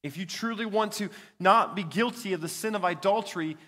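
A man's voice: sits high, fairly quick, a bit bright. A young man, a student pastor, preaching a sermon in an earnest storytelling way. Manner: earnest, storytelling with a child's anecdote. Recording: reverberant hall.

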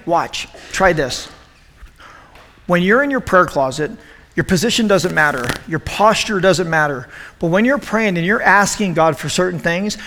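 Youth pastor, man, high voice, animated and joking, preaching in an echoey hall. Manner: animated, joking, asks the room questions. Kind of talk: youth group sermon.

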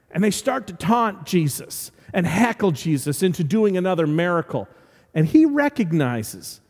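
Male pastor, high voice, lively storytelling sermon, long hall reverb. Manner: animated storytelling with humorous asides.

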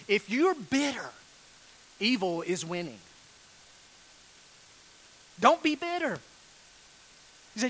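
Earnest high-voiced male preacher. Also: very animated, pushed and bright, rough recording. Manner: earnest, pleading, emphatic with slow stressed phrases. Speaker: pastor. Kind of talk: sermon.

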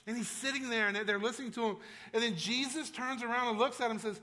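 A man's voice: extremely high pitch, fast talker, few pauses, sharp tone. A male pastor preaching a sermon in a conversational, emphatic way, with frequent restarts and asides to the congregation.

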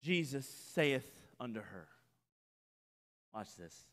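A man preaching a sermon in a church, impassioned, swinging between loud emphatic runs and quiet low phrases. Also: big pitch swings, slow. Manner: impassioned, rising and falling emphasis, repeated phrases. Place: church sanctuary. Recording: long church reverb.

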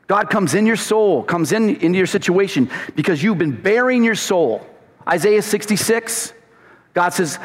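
Male preacher, high voice, emphatic sermon, long hall echo. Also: lively intonation, normal speed. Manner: emphatic, rising to shouts then dropping low.

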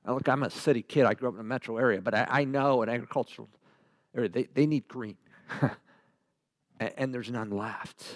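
A man preaching a verse-by-verse Bible sermon, animated and full of rhetorical questions, dropping from loud to hushed. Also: medium pitch, fairly quick, no room sound, studio quality.

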